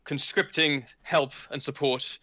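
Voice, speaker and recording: A man's voice: medium pitch, fairly even intonation, measured pace, pushed and bright, no echo, muffled recording. A man playing a formal, condescending male recruiter on a wartime errand.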